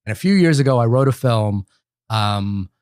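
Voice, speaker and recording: A man's voice: medium pitch, lively intonation, moderate pace, darkish tone, clear, resonant tone, no echo, clean studio sound. A man co-hosting a film podcast, talking in a rambling, enthusiastic way with many restarts. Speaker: podcast co-host. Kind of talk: casual film discussion.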